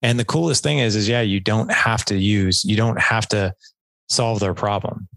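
Gravelly low-voiced man coaching on listening. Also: steady tone, normal speed, fairly bright tone, no room sound, rough recording. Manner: earnest, explains with acted-out example dialogue. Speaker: podcast guest, dad coach. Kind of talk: conversational interview.

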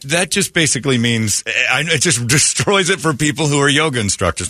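A man hosting a morning radio show, telling stories in animated, joking banter with his co-hosts. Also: medium pitch, dry recording, studio quality. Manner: animated storytelling, frequent laughter. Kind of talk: casual banter.

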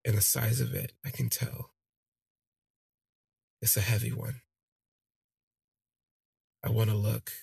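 Guy telling a personal story, rambly and candid, gravelly husky voice, dry close sound. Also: lowish voice, steady tone, slow pace, pauses often, a little mellow, no room sound. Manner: candid, rambling, frequent fillers. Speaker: podcast host.

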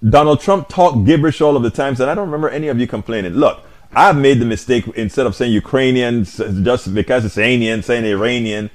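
A man's voice: mid-range voice, brisk. A man hosting a live commentary stream, answering viewer comments with rhetorical questions. He argues loosely, often restarting his sentences as he thinks aloud. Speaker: host reading viewer comments.

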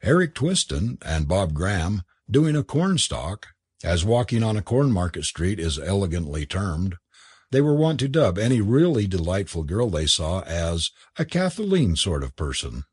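Sex: male. Role: audiobook narrator. Pitch: lively, melodic. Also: moderate pace, husky, no room sound, studio quality. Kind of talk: storybook narration.

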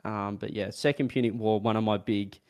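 A man with an Australian accent co-hosting a casual podcast, rambling and playful with deadpan mock answers. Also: on the low side, brisk. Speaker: podcast co-host.

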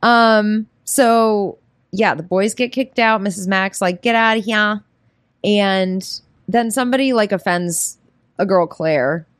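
A woman co-hosting a podcast in casual chat, animated and laughing often, swearing freely and acting out quotes while recapping a movie. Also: medium pitch, slow, no room sound, studio quality. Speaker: podcast co-host.

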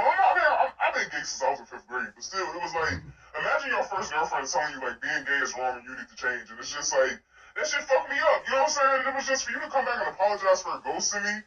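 A young man telling a messy breakup story in a profane, exasperated casual rant. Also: sits high. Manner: profane, exasperated, animated retelling. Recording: distant, echoey, muffled voice message.

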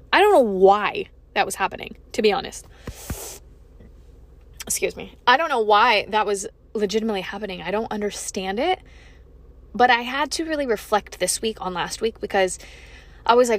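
A young woman hosting her own podcast, talking frankly and emphatically, swearing freely as she opens up about feeling low. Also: animated, brisk, pauses often, fairly bright tone. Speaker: podcast host. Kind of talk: candid solo podcast monologue.

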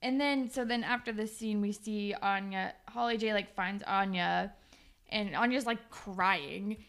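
A young woman co-hosting a casual chat, retelling a TV episode with lively acted-out quotes. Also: a little slow. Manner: animated retelling, acts out lines in high voices, laughs often. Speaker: podcast co-host.

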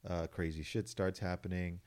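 A man's voice: sits low, level tone, moderate pace, darkish tone, clear, resonant tone. A man co-hosting a casual radio talk show, rambling, swearing and laughing often. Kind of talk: casual chat.

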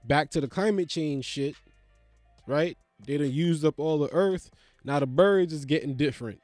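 A man from the United States delivering a profane, incredulous comedic rant, with loud, animated jumps in his delivery. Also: a little high, normal speed, no room sound, faint music behind.

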